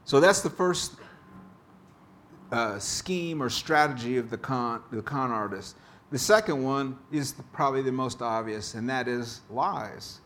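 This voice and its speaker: Slow, deliberate male preacher. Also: mid-range voice, fairly bright tone, slight background noise. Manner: slow, deliberate preaching with joke-telling asides. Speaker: pastor. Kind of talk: sermon.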